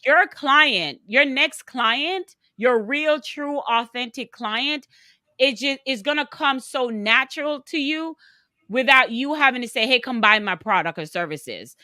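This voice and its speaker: A woman's voice: high-pitched, animated, unhurried, sharp tone, dry recording, clean studio sound. A woman host and business coach who talks in an emphatic, preachy way and speaks straight to her listeners. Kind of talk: motivational interview talk.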